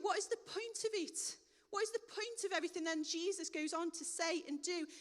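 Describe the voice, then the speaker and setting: A woman's voice: very high-pitched, lively intonation, normal speed. A woman preaching a sermon in a conversational, plain-spoken way, recorded in a church hall with long reverb.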